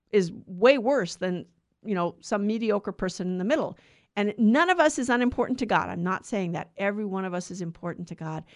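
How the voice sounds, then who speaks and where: A woman reading a gospel passage and then giving a chatty, conversational homily with small laughs. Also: mid-range voice. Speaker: preacher giving a gospel reflection. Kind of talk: informal homily.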